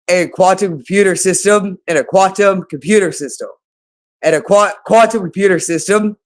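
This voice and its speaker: A man in a rambling, agitated monologue to his viewers, accusing someone and repeating the same phrases again and again. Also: sits high.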